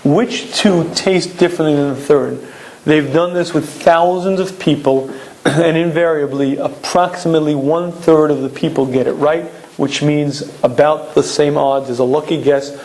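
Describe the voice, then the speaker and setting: A man giving a recorded Torah lecture, explaining emphatically and clearing his throat often. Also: fairly high pitch, fairly even intonation, moderate pace, darkish tone, rough recording.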